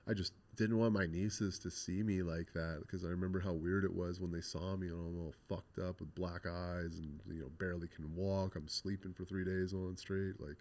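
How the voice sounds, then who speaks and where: A man's voice: deep voice, fairly even intonation, normal speed, few pauses, a little mellow. A young adult man from Canada, a podcast guest telling a rambling story full of swearing and "like.". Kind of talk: casual storytelling interview.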